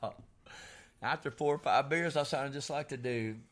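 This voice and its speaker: A man's voice: mid-range voice, normal speed. A man co-hosting a casual podcast, rambling loosely, swearing freely and laughing often. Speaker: podcast co-host. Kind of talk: casual chat.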